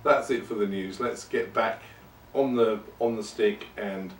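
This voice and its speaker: A man hosts his podcast in a loose, rambling monologue, poking fun at himself as he goes. His voice sits on the low side. The sound is roomy, as if he is some way off the mic, with a faint hiss behind. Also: unhurried, hardly any pauses, recorded from a distance. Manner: rambling and self-deprecating. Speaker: podcast host. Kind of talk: casual monologue.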